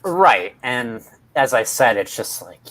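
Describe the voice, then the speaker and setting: A man's voice: mid-range voice, big pitch swings, takes it slowly, a bit bright. A man co-hosting a casual online show, talking in a wry, critical way. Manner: wry, critical, fond of puns. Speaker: podcast co-host. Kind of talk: casual recap chat.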